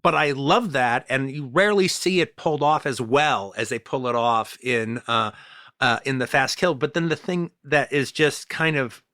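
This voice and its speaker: A man's voice: mid-range voice, moderate pace, sharp tone, dry recording, studio quality. A man co-hosting a podcast, talking about old movies in a rambling, enthusiastic way with lots of restarts. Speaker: podcast co-host. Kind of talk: casual film discussion.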